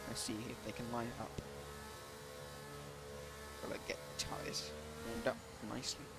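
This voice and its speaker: A man giving live commentary on an online racing league stream, with many ums and quick self-corrections. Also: medium pitch, lively intonation, very noisy.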